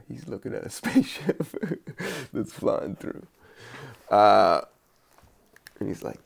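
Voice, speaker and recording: A man hosting a podcast, rambling in a relaxed, musing way with many fillers while he doodles. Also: on the low side, gravelly, breathy edge. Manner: laid-back, slow, musing with many fillers and laughs. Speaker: podcast host.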